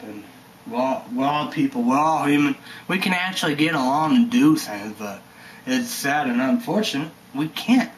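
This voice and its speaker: With a mid-range, somewhat bright voice, this energy drink reviewer vlogger rambles through a heated, sweary rant, peppered with "you know" and "stuff like that." There's slight background noise and the recording is rough.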